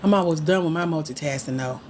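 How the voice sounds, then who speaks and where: A woman's voice: low voice, quick pace, noisy background. A woman coaching on grants, chatting casually on a livestream and teasing her viewers as she answers their comments. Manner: playful, teasing, talks back to chat comments.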